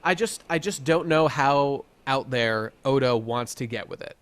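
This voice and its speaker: A young man co-hosting a casual podcast, talking excitedly with lots of stammered restarts. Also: medium pitch, unhurried. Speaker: podcast co-host. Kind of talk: casual chat.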